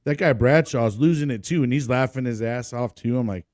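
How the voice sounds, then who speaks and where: Marine vet host, swears a lot, acts out every quote, dry close mic. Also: male voice, mid-range voice, a little fast, no room sound. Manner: profane, animated storyteller acting out quotes. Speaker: podcast host, Marine veteran. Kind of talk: casual podcast chat.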